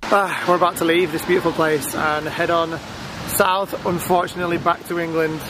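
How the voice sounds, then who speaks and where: A man's voice: fairly high pitch, level tone, normal speed. A man vlogging outdoors by a road, chatting casually with a wistful, joking manner. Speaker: family vlogger. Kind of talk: casual vlog talk. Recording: outdoor vlog with loud traffic. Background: loud traffic and street noise.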